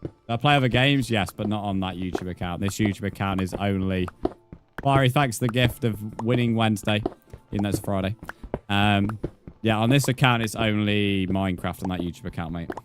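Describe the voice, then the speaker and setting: A man with a fairly low voice chatting loosely with his live-stream audience. He banters, swears and makes mock threats at the chat, with faint music running underneath. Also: fairly quick. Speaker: livestreamer.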